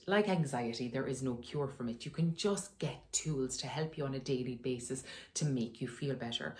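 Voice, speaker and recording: A woman's voice: low-pitched, a little mellow. A woman in her sitting room at home, giving frank, conversational advice and laughing often as she talks. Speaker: wellness vlogger. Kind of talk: candid personal advice talk.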